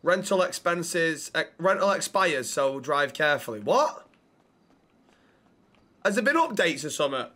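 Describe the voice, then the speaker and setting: A man streaming a role-play game, brash and quick to trade profane insults. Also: a little high, big pitch swings, bright, forceful tone.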